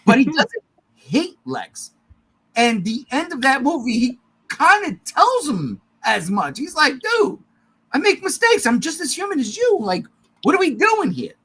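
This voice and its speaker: Excitable husky-voiced male podcast host. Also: sits high, poor audio. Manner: excitable, swears freely, breaks into laughter. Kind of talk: casual pop-culture chat.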